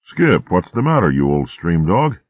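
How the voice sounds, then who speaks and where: A man's voice: deep voice, big pitch swings, normal speed, no echo. A man voicing a brave male warrior mouse in a storybook, talking in a direct, comradely way. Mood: concerned. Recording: tinny narrow-band recording.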